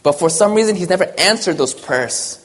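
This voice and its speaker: A man's voice: high voice, expressive, fairly quick, a bit bright. A man preaching a sermon, earnest and personal, often checking in with his listeners by asking "okay?".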